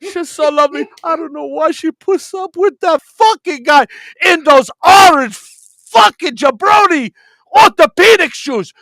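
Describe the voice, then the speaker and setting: A man's voice: extremely high pitch, a little slow, no room sound, full character voice. A man doing a comedic impression of a ranting old male wrestling villain with broken English and constant insults. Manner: shouting, insult-spitting rant with broken English.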